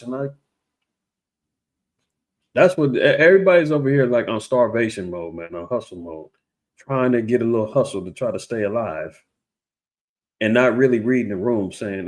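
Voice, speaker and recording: At a normal speed, a man offers rambling, preachy religious commentary in a casual online setting. Frequent restarts break up his speech, and he pitches his voice up to mock others.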